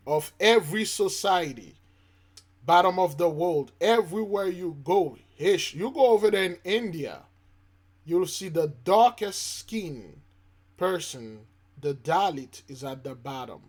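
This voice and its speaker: A man hosting his own channel, giving preachy reaction commentary, emphatic and repetitive, swinging between loud and soft. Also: on the high side, expressive, measured pace. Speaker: channel host.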